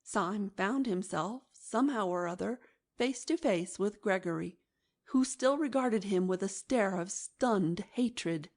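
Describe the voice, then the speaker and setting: A woman narrating a classic novel as an audiobook in a measured, expressive reading. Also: mid-range voice. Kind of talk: scripted narration.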